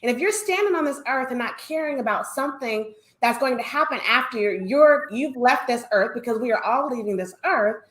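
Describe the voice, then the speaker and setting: A woman's voice: on the high side, lively intonation, normal speed, hardly any pauses, fairly bright tone, roomy sound. A woman speaking as a panel guest, blunt and emphatic, repeating her key lines for weight. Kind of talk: panel discussion.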